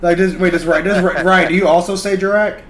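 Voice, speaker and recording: A man playing in a tabletop game, excitable with loud outbursts. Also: sits high, brisk, a little hiss or hum. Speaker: player. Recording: echoey room.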